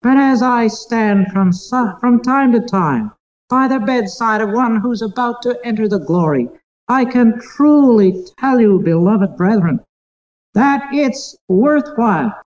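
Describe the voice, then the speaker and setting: Earnest preacher giving a sermon, middle pitch, slow emphatic bits, kinda muffled recording. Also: a little mellow.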